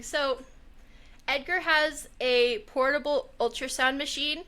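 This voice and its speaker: Young woman, high voice, podcast co-host, casual storytelling. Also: moderate pace. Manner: chatty storyteller, quoting others in lively bursts. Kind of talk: casual chat.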